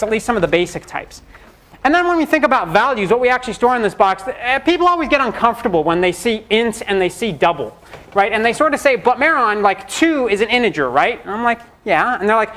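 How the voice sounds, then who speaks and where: A man's voice: high voice, fairly bright tone. A middle-aged man giving a university programming lecture in a conversational, joking way, acting out students' questions. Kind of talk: classroom lecture. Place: lecture hall.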